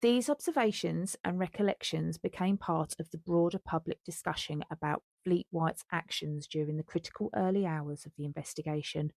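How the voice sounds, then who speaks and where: A woman's voice: low voice, moderate pace, gravelly, few pauses, a little mellow, dry recording. A woman podcast co-host who reads a true-crime script and breaks off into joking asides. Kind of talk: scripted true-crime narration mixed with casual chat.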